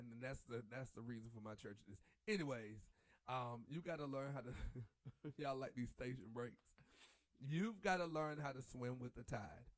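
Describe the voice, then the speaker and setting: A man hosting a casual talk show, animated and preachy, breaking into bits of gospel song. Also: medium pitch, no room sound, clean studio sound. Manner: animated, preachy, sings church lines. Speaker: podcast host. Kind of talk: casual chat.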